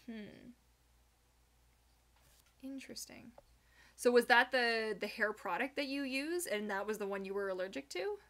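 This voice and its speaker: A young woman hosts a casual live Q&A and reads viewer comments as they come in. Her voice sits fairly high, and her delivery is chatty and animated, with giggly asides. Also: measured pace, pauses often. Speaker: livestream host answering viewer questions.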